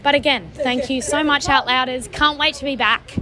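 A woman's voice: high-pitched, fairly even intonation, moderate pace, crowd noise. A young woman co-hosting a podcast, recording a chatty message in a wry, self-deprecating way. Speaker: podcast co-host.

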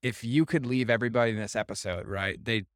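A man hosting a podcast, relaxed and affirming, who chimes in often with quiet agreement. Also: mid-range voice, fast, no echo, clean studio sound. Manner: relaxed and affirming, lots of mm-hmms. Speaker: podcast host. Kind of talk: casual podcast chat.

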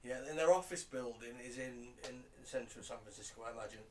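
A man's voice: mid-range voice, fast, a little hiss or hum. A British man co-hosting a casual podcast, rambling through stories in a dry way, his voice fading at phrase ends, recorded in a living room. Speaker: podcast co-host. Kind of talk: casual chat. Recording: a bit off-mic, faint room ambience.

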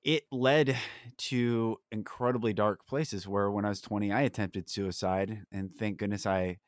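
A man's voice: fairly low pitch, steady tone, a little slow, dry recording, studio quality. A man hosting a podcast, talking in an earnest, emphatic way and pressing hard on key words. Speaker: podcast host. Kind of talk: candid podcast conversation.

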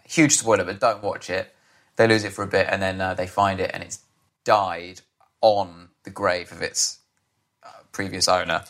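A man's voice: sits low, level tone, moderate pace, a bit bright. A young man, a podcast guest, chatting casually about films in a rambling way, often restarting and laughing. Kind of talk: casual chat.

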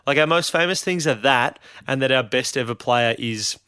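An Australian man speaks as a podcast guest, with wry, self-deprecating humor. His voice is bright and forceful, and the recording is close and dry with no room sound. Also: mid-range voice, moderate pace, smooth, no echo. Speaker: guest supporter. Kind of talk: casual sports chat.

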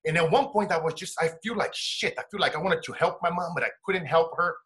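Animated man telling his story. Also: on the high side, quick pace. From Brazil. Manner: animated, shifts between hushed and loud laughing bursts. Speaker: interview guest, coach. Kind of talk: emotional storytelling in conversation.

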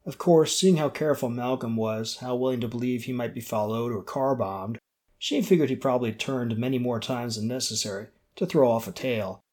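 A male audiobook narrator reading a novel in a steady, measured voice. His pitch sits at an ordinary middle for a man, and his delivery stays even and unhurried. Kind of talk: scripted narration.

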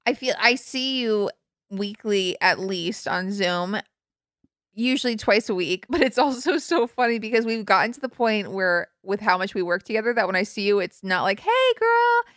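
A woman's voice: mid-range voice, moderate pace, a bit bright, clear, resonant tone, no echo, studio quality. A young woman co-hosting a podcast in playful, teasing casual chat. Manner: playful, teasing, laughing often. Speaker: podcast co-host.

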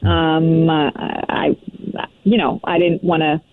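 A woman's voice: low-pitched, flat delivery, takes it slowly, no echo. A woman on a phone-in call lays on a thick put-on New York accent, brash and breezy, with plenty of fillers. Her voice comes through a tinny, narrow phone line, dry with no room sound. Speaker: caller. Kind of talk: phone-in radio chat.

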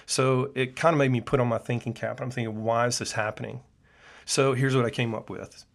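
A man's voice: medium pitch, fairly even intonation, fairly quick, vocal fry. A middle-aged man, a clinician hosting his own show, speaking in an earnest, preachy personal monologue with frequent "uh" fillers. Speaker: podcast host and functional medicine clinician.

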